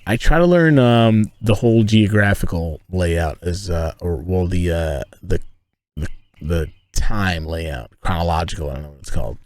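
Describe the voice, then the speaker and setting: Male streamer, low voice, dry close sound, loose profane banter with chat. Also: moderate pace, a little mellow, dry recording. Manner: rambling, profane, joking, talks to chat. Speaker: streamer chatting with viewers. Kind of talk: casual live-stream chat. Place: inside a tent.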